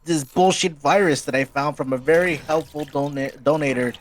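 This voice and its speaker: A man voicing a gloating male mad scientist villain in a silly fan story, pitched higher than his own voice. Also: moderate pace, slight background noise, close to an everyday voice.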